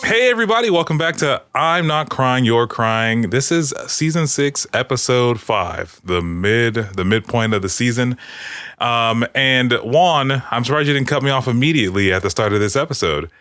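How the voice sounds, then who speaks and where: A man's voice: mid-range voice, normal speed, dry recording. A man hosting a casual comedy podcast, joking and laughing with his co-hosts. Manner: jokey, excitable, laughs often. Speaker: podcast host.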